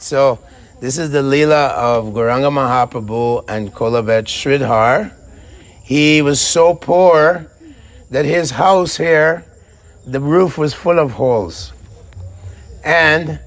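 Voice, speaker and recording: A man giving a devotional lecture as a storytelling preacher. He is animated and often repeats himself. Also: mid-range voice.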